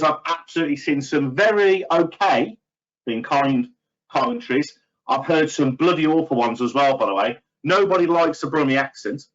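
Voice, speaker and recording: A man's voice: a little high, highs cut off. A middle-aged man giving a webinar training talk to estate agents, chatty, with many fillers and self-deprecating asides.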